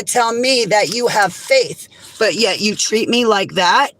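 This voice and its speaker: A woman's voice: medium pitch, lively intonation, slow pace, a bit bright, poor audio. Impassioned woman venting to camera. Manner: impassioned, indignant, emphatic. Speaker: vlogger. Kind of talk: direct-to-camera monologue.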